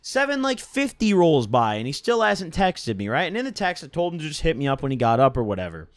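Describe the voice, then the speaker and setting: A man's voice: a little high, sing-song, fairly quick, dry recording, clean studio sound. A young man casually telling a rambling, profane story from his own life and tagging his sentences with "right?". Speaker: storytime vlogger.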